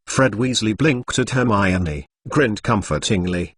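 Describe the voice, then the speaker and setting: A man's synthetic-sounding voice narrating a story in a flat, even manner, reading punctuation aloud, close to the mic. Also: mid-range voice, normal speed, no room sound. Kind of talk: audiobook narration of fan fiction.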